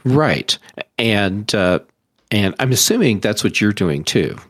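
A man co-hosting a podcast, chatting casually and explaining his points in a measured way. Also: fairly low pitch, very animated, dry recording, studio quality. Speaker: podcast co-host.

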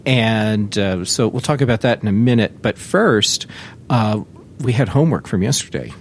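A man's voice: on the low side, lively intonation, normal speed, a little hiss or hum. A man hosting a casual tech podcast, jokey and self-deprecating. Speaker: podcast host.

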